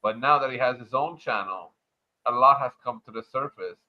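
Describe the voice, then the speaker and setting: A man from Montreal ranting crudely and loudly in a casual livestream chat. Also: medium pitch, moderate pace. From Montreal, Canada. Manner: loud, profane, swaggering rant. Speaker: livestream panel guest. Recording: muffled lo-fi online audio.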